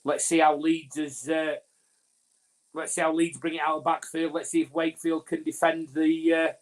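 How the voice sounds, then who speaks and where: A man's voice: on the high side, flat delivery, moderate pace. A man from Northern England co-hosting a live fan watch-along of a rugby league match, rambling commentary with fillers and restarts. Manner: rambling, talks over his co-host, frequent fillers and restarts.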